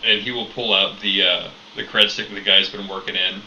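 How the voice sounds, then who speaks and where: Low, bright male player from afar. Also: fairly even intonation, slight background noise. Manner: measured, stating actions step by step. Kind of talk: tabletop role-play. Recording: roomy, distant, lo-fi.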